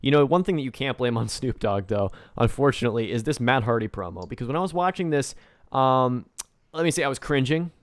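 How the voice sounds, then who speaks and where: A man co-hosting a wrestling podcast, chatting in an animated, joking way and slipping into mocking impressions. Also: medium pitch, fast, no room sound, studio quality. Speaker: podcast co-host. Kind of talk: casual chat.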